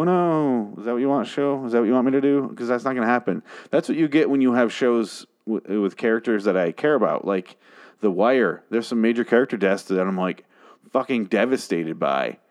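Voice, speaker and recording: A man giving a casual, sarcastic and profane recap of a TV episode, rambling with frequent restarts. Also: lowish voice. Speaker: show host recapping a TV episode.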